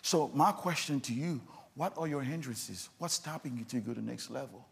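A man's voice: medium pitch, moderate pace, gravelly, husky. A man preaching a sermon as pastor, repeating insistent questions to the congregation.

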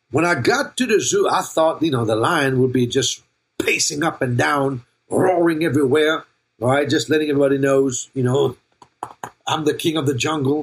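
A man's voice: mid-range voice, breathy edge. An older man preaching a sermon as pastor, playful and jokey, calling out to his listeners by name and asking if they are listening. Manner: playful, jokey preaching with laughs and call-outs to the congregation.

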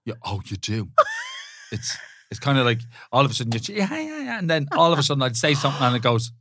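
A man's voice: medium pitch, huge pitch swings, fast, bright, forceful tone, slight background noise. An Irish man co-hosting a podcast, teasing his co-host with a jokey manner. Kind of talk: casual chat.

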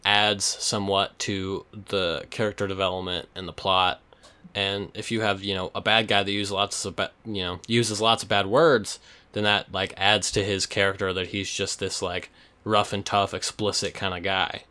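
A man's voice: lowish voice, sharp tone. A young man chatting casually as a podcast co-host, rambling with many fillers. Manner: rambling, laid-back, frequent fillers. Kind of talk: casual chat.

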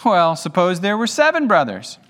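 A man preaching a sermon as pastor to an audience, animated and conversational, with humorous asides. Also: sits high, normal speed. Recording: long hall reverb.

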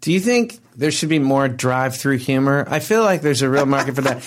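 A man co-hosting a comedy podcast, joking around in a dry, deadpan way. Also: medium pitch, fairly quick. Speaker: podcast co-host. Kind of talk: casual comedic chat.

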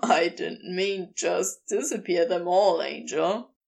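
A woman voicing a lanky, teasing man with a slow, drawling delivery, in a read-aloud fan story. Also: on the low side, creaky, a little mellow, voice pushed down. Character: lanky teasing male lover, lowish and languid.

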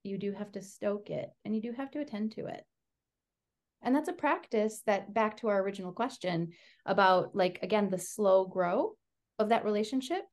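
A woman's voice: medium pitch, fairly quick. A woman researcher who studies education, speaking in an earnest, casual interview manner and using a lot of "like" fillers. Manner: earnest, filler-heavy, says "like" often; animated storyteller. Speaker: education researcher, podcast guest.

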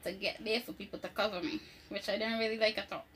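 A woman's voice: mid-range voice, quick pace. A woman, casually telling a personal story and acting out what other people said, laughing often. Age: 20s. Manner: animated, acts out quoted voices, laughs often. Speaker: co-host telling her testimony.

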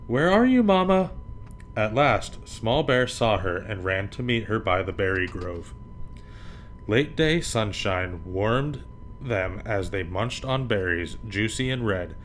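A man hosting a podcast, reading children's picture books aloud in an animated way and acting out the sound effects. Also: on the low side, takes it slowly, slight background noise.

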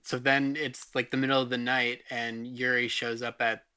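Woman with a super deep voice, bright edge, cracking dry jokes on a podcast. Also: flat delivery, normal speed, smooth. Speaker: podcast co-host. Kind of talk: casual recap chat.

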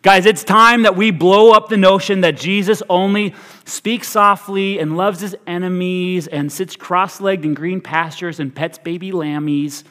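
A pastor with a high voice preaches a sermon in a large auditorium, a little slow but energetic and humorous. He swings from loud hype to hushed, quiet delivery, and the hall is reverberant.

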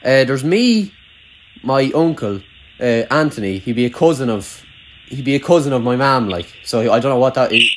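A young man with a rural Irish accent, chatting casually, swearing freely and rambling with lots of "like". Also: mid-range voice. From Ireland. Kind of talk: casual chat.

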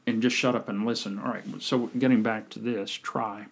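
A man with a slightly husky, breathy voice coaches on a podcast. He tells his stories in a relaxed, conversational way. He brings them to life by playing the people he quotes. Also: fairly low pitch, moderate pace. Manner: animated storyteller, acts out quoted people. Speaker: podcast guest, communication coach. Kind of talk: casual storytelling chat.

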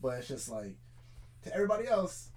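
Young guy cohosting a podcast, kinda halting, lots of um and like, mid voice. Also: mid-range voice, very animated, crowd noise. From Charlotte, North Carolina. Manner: loose, halting, restarts and fillers. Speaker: podcast co-host. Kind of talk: casual chat.

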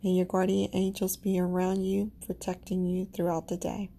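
A woman with a Caribbean accent hosting a podcast, leading spiritual affirmations slowly and calmly and saying each one twice, sometimes dropping to a soft whisper. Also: on the low side. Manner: slow, calm, repeats each affirmation twice. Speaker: podcast host.

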